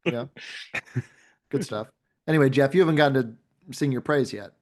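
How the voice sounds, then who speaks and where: A man's voice: medium pitch, moderate pace. Man, film podcast, jokey, short quips, casual. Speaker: podcast co-host.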